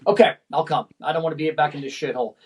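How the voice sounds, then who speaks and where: A man's voice: a little high, steady tone, very fast, low-quality recording. A middle-aged man, a former firefighter lieutenant, tells a personal story as a podcast guest in a rambling, profane way, often tagging sentences with "man".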